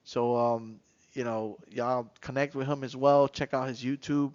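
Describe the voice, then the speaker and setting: A man hosting a casual podcast, telling animated street stories and acting out voices. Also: medium pitch, a little slow, muffled recording. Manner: animated storyteller who acts out voices and shouts. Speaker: podcast host.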